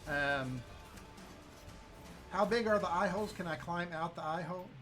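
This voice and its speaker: A man playing a tabletop game, rambling and hesitant, sometimes yelling his character's lines. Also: high-pitched, moderate pace, faint music behind. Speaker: player. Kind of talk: casual tabletop game play.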